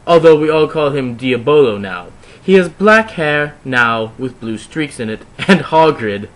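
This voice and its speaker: A man reading fan fiction aloud in a mock-dramatic style, with theatrical delivery and sudden loud outbursts. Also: a little high. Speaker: reader.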